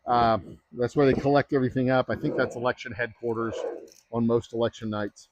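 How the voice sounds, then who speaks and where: A man's voice: medium pitch, steady tone, brisk, dull audio, slight background noise. A man chatting casually on a livestream, rambling and joking with many fillers. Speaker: distillery owner livestreaming.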